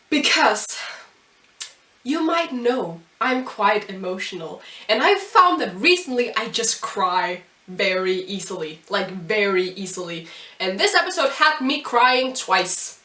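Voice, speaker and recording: A young woman reviewing an anime episode in a casual video, gushing and excitable, breaking into laughs and exclamations. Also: a little high. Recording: roomy sound from a distance off the mic.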